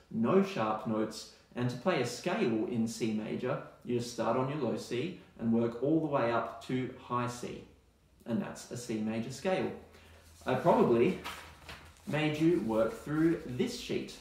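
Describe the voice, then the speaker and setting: An Australian man teaching music in a relaxed, chatty way, now and then singing scale notes to demonstrate. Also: medium pitch, very echoey. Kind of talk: recorded online music lesson.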